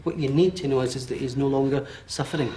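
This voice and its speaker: A Scottish man in his forties giving a medium's reading, talking in a quick, animated way with many fillers and checks. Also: mid-range voice, a little hiss or hum. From Scotland. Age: 40s. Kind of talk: live one-to-one reading before an audience.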